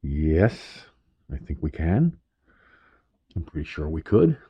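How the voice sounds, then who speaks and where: A man's voice: a bass voice, sing-song, slow, mellow, husky. A man hosting a casual internet talk radio show, rambling and self-amused with chuckling asides. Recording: muffled lo-fi internet radio audio.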